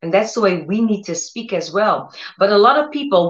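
Speaking fairly quickly at medium pitch, this woman gives a conversational, Bible-reading sermon on her own channel; the sound is reverberant and lo-fi. Her delivery is earnest and repetitive, full of restarts and direct questions aimed at her audience.

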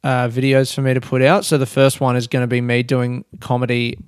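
A man's voice: medium pitch, flat delivery, brisk, clear, resonant tone, no room sound, studio quality. A man hosting a casual solo podcast from his room, rambling, joking at his own expense and swearing freely. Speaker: podcast host and comedian. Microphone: desk podcast mic.

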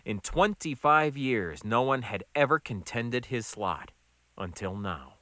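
A man narrating a story with a wry, brisk delivery. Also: medium pitch, lively intonation, fairly bright tone, dry recording. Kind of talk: audiobook narration.

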